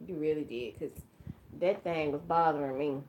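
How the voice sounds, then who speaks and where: A woman chatting casually while doing her makeup, emotional and effusive, now and then dropping to a quiet murmur as she concentrates. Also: low-pitched, normal speed, a little hiss or hum. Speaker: beauty vlogger.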